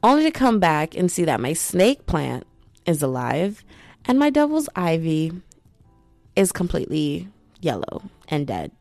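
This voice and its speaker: A woman's voice: low voice, big pitch swings, measured pace, gravelly, a little mellow, dry recording, soft background music. A young woman vlogging in a chatty, rambling way, full of asides and "like"s. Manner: chatty, self-interrupting, many "like"s. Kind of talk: casual rambling chat.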